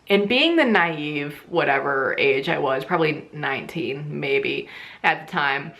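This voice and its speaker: Young woman vlogger, low-pitched, bright voice, animated, laughs and swears often. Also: a little slow. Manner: animated, swings into high squeals for quoted lines; swears freely, laughs through her story. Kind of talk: casual storytime chat.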